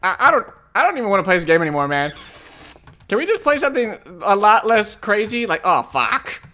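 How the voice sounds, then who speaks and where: A man's voice: high voice, big pitch swings, brisk, pushed and bright, a little hiss or hum. A man commentating a horror game, jumpy and jokey, swearing often as he panics. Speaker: gamer.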